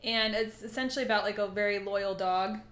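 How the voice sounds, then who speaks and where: A woman's voice: mid-range voice, fairly quick, echoey room. A woman co-hosting a podcast in casual chat, swearing freely and acting out scenes with sound effects. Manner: profane, animated storyteller who mimics sounds. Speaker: podcast co-host.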